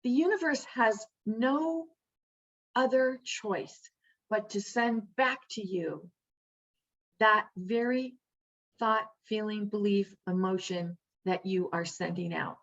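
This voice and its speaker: A woman's voice: mid-range voice, slow pace, fairly bright tone, highs cut off. A woman giving an earnest, emphatic motivational teaching, repeating phrases for stress. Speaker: spiritual teacher.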